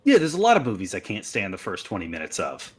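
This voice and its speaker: A man's voice: lowish voice, wildly swooping pitch, fast. A man co-hosting a casual movie podcast, laid-back and wry. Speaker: podcast co-host.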